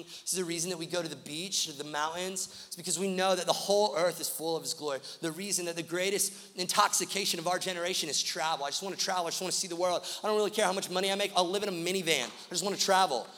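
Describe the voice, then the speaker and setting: A man preaching a sermon in a bright, forceful voice that sits a little high. He drives each point with rhythmic, repeated lists. A long hall reverb rings behind every phrase. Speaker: pastor.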